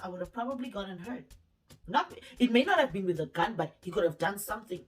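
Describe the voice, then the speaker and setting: A young woman tells a casual storytime to her camera, using slang and acting out what other people said as she goes. She sits a few feet back from the mic, and soft music plays faintly underneath. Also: medium pitch, brisk, far from the mic. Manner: animated, slangy storytelling that acts out quoted dialogue. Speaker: vlogger.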